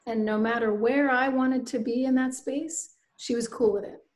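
A woman's voice: a little high, steady tone, moderate pace, darkish tone, low-quality recording. Earnest woman telling her story. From Canadian Maritimes. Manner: earnest, storytelling, acts out quoted voices. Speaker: guest, bereaved mother and author. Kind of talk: reflective interview conversation.

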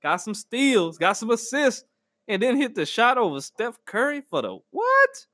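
A man's voice: extremely high pitch, moderate pace, no room sound. Een lachende man met een hoge stem. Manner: animated, slangy, acts out quotes with laughter. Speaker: podcast host. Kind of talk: casual comedic monologue.

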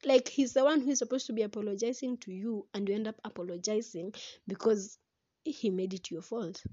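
A young woman, talking casually to camera about relationships in a chatty, animated way. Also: fairly high pitch, fairly quick, dry recording, lo-fi sound. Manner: chatty and animated, breaks into laughter, slips into Swahili. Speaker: vlogger.

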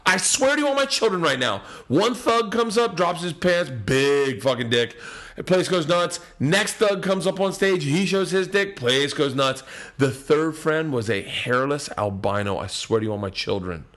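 A middle-aged man telling wild stand-up stories in a casual, profane talk, swinging between loud and hushed. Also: a little high, expressive, moderate pace. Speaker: guest comedian. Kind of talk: casual podcast storytelling.

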